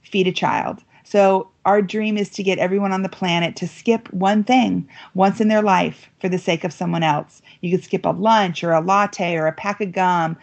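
A woman guest telling a story on an interview podcast, lively and acting out quoted voices. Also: fairly low pitch, moderate pace, gravelly, hardly any pauses, highs cut off. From United States. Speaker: guest author. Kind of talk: animated storytelling.

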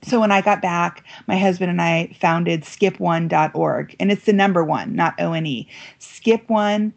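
A woman guest telling a story on an interview podcast, lively and acting out quoted voices. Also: fairly low pitch, normal speed, vocal fry, highs cut off. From United States. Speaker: guest author. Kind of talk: animated storytelling.

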